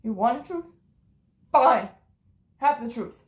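A woman's voice: on the high side, animated, takes it slowly, roomy sound. A woman voicing a curt, brainwashed female animatronic chicken in an amateur audio drama. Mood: defiant. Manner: curt, defiant.

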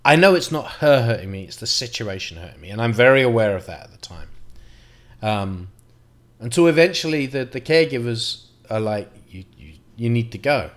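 A middle-aged man speaks in a mid-pitched, everyday voice, recounting a personal memory. He talks in a halting, reflective way, restarting sentences and dropping the odd curse. The delivery stays conversational and unpolished. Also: animated. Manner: reflective, halting, with frequent restarts and mild swearing. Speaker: vlogger. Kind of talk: personal storytelling to camera.

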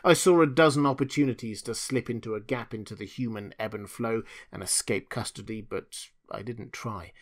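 A man's voice: on the low side, moderate pace, hardly any pauses. A man reading a novel aloud in first person as an audiobook narrator. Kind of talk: scripted narration.

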